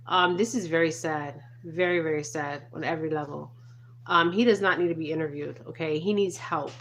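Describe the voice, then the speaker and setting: A low-pitched woman speaks in an earnest, emphatic way and checks in with "okay?" after nearly every point. It sounds like a casual spiritual commentary vlog with a faint hum underneath. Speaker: spiritual reader.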